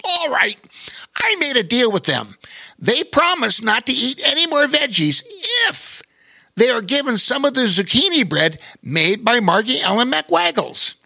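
A man voicing an excitable little male garden gnome in a children's story, squeaky and full of exclamations. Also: unhurried, vocal fry, slightly rough, dry recording, full character voice. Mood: triumphant.

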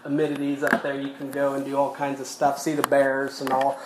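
A man's voice: medium pitch, monotone, a little fast, noisy background. Guy preaching a sermon, tells stories, chuckles, church echo all around. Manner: storytelling with quoted scripture and chuckles. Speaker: pastor. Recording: echoey room.

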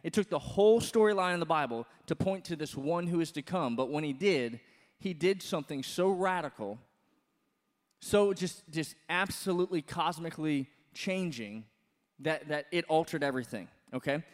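A man's voice: a little high, moderate pace. Man preaching in a reverberant hall. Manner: conversational, animated preaching with frequent fillers and restarts. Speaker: pastor. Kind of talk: sermon.

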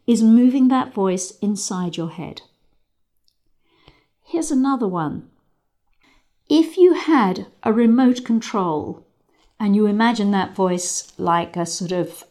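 Calm woman guiding a riding lesson. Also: mid-range voice. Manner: calm, measured, guiding with frequent pauses. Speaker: riding instructor. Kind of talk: guided visualisation lesson.

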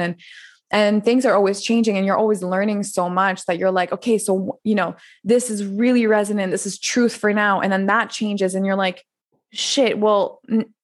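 A woman in her twenties, a coach and podcast guest, telling her story in a rambling, animated way with frequent laughs and restarts. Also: mid-range voice. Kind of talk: casual interview storytelling.

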